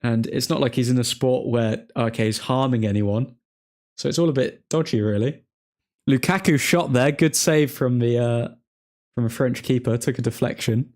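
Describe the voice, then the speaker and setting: A young man of middle pitch hosts a livestream in a loose, chatty way. He mixes match reactions with easy replies to his viewers. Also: normal speed, a little mellow. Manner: chatty, reacting to the game and replying to chat. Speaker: livestream host. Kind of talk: casual live match commentary with viewers.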